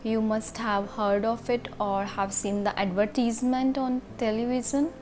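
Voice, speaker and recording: A woman explaining how to pronounce words, repeating each one slowly and carefully. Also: a little high, steady tone, darkish tone, a little hiss or hum. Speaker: pronunciation teacher. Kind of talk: instructional video explanation.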